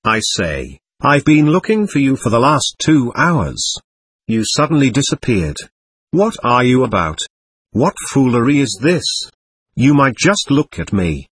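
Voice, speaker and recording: A mocking, worldly young seminarian with an ironic, teasing manner, as a man reads him. His husky voice moves lively up and down on a dry recording. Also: mid-range voice, a little slow, dry recording.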